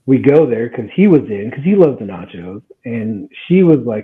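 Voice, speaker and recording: A guest storyteller on a podcast, a man in his twenties, talks at normal speed in a mid-range voice. His casual telling is animated, full of laughter and acted-out quotes, captured with a tinny, phone-like quality.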